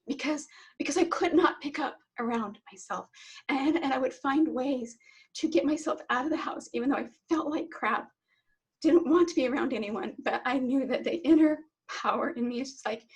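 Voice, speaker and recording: Appearing as an interview guest, this middle-aged Reiki teacher tells her own story earnestly, frequently repeating words at the start of sentences. She speaks at a moderate pace in a high, slightly rough voice, captured in a low-quality recording.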